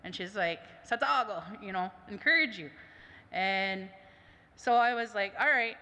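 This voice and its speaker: A woman's voice: mid-range voice, unhurried, sharp tone. A woman language teacher at a summit, telling a chatty personal story full of quoted dialogue. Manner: chatty, lots of "I was like" quotes. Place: conference hall. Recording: reverberant hall.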